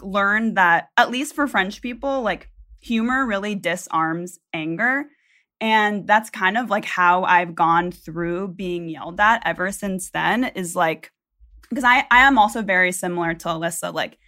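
A woman's voice: mid-range voice, pushed and bright. A woman, a podcast producer, telling a story in casual chat, rambling with lots of likes and ums. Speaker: senior producer, guest.

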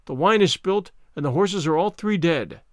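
Ruined peasant wagoner, quick to rage, drawn-out loud laments, read by a man. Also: fairly high pitch, lively intonation, no room sound, studio quality, natural voice. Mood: angry. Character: despairing hot-tempered peasant wagoner.

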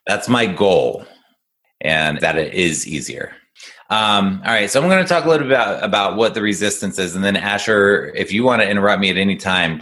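A man's voice: sits low, pushed and bright. A man working as an executive functioning coach, explaining ideas to a young listener in an upbeat, casual conversation. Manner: upbeat, explanatory, talks to kids.

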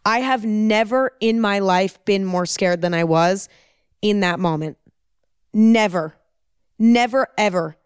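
A woman's voice: mid-range voice, fairly even intonation, unhurried, clear, resonant tone, no echo, studio quality. A young woman hosting a podcast, telling a personal story in a casual, emphatic way and repeating words for stress. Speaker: podcast host.

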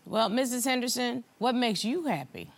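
A woman's voice: a little high, animated, normal speed, vocal fry. A woman presiding as a TV court judge, frank and teasing with the couple before her. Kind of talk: courtroom TV banter.

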